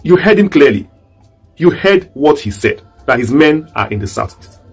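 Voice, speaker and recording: Husky Nigerian man, lively rhetorical commentary. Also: on the high side, normal speed, soft background music. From southeast Nigeria. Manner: rhetorical, repeats questions and phrases. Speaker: political commentator. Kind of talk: online commentary monologue.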